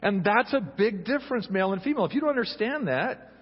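A man's voice: high-pitched, lively intonation, quick pace, husky. A middle-aged male pastor preaching a sermon in a conversational, humorous way, acting out little quotes. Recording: dull recording with long hall reverb.

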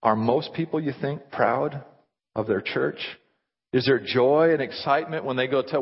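A man preaching a sermon as pastor, acting out little dialogues in an animated way. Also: medium pitch, normal speed, slightly rough, long reverb tail, lo-fi sound.

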